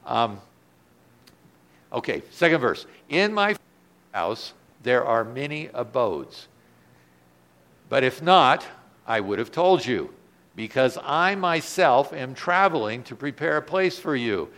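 A male pastor preaching a sermon in a church, dropping his voice soft and then swelling loud for emphasis. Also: medium pitch, very animated, takes it slowly, pauses often.

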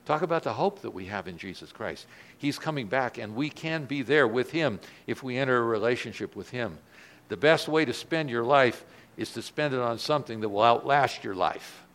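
A male pastor preaching a sermon in a church, dropping his voice soft and then swelling loud for emphasis. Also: medium pitch, expressive, normal speed.

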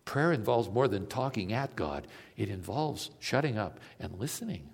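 A male preacher delivering a sermon, telling stories and moving between emphatic peaks and quiet, low passages. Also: lively intonation, moderate pace, vocal fry, husky, in a large hall.

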